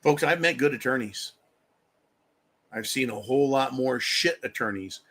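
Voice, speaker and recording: A man's voice: medium pitch, lively intonation, moderate pace, a bit bright. A man hosting a live stream, ranting angrily with heavy profanity and thanking viewers for donations. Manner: angry, heavily profane. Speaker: livestream host. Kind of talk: political rant on a live stream.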